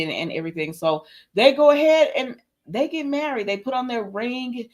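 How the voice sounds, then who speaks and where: A woman's voice: high voice, animated, moderate pace. A woman hosting a live stream, chatting casually and animatedly, laughing often and reading viewers' comments aloud. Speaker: livestream host reviewing a soap opera.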